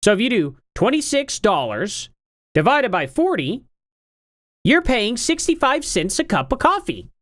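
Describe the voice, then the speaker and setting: A woman's voice: a little high, very animated, a little slow, dry recording. A woman streamer giving casual, sarcastic commentary on a clip, full of rhetorical questions. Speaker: streamer reacting to a debate clip.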